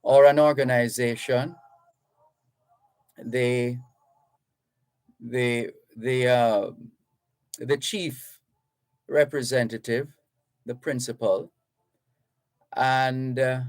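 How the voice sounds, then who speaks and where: A Jamaican man hosts a radio call-in show from a studio. He speaks slowly and deliberately, explaining things patiently, with plenty of fillers. His voice is dry and close, with no room sound, and sits at an average pitch. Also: fairly even intonation, a little mellow, dry recording, rough recording. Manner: unhurried, explanatory, with fillers and restarts. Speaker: radio talk show host. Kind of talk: radio call-in show, reading listener messages.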